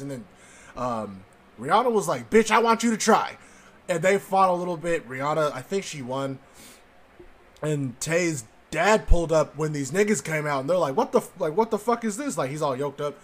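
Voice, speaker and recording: A man in his twenties casually telling a story from his childhood, swearing often and laughing at his own story. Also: on the high side. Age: 20s. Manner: profane, laughing, animated storyteller.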